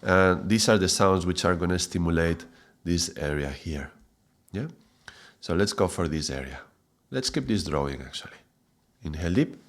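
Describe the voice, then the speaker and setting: A man teaching a mantra chanting lesson, patiently explaining sounds and chanting drawn-out syllables. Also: deep voice, lively intonation, a bit bright.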